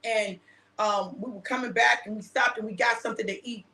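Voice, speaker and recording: A woman's voice: on the high side, steady tone, a little fast, sharp tone, reverberant. A woman minister hosting a casual chat, telling a personal story with laughter and acting out the quoted dialogue. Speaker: minister and show host.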